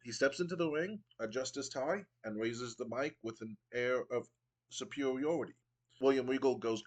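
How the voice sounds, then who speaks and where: A man's voice: mid-range voice, normal speed, rough recording. Man rambling through a game playthrough. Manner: rambling, with frequent ums and restarts. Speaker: game streamer. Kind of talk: casual narration of a wrestling sim playthrough.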